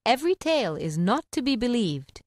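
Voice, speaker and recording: A woman narrating an audiobook of fables with clear, expressive storytelling. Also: on the high side, a little fast, no echo, studio quality.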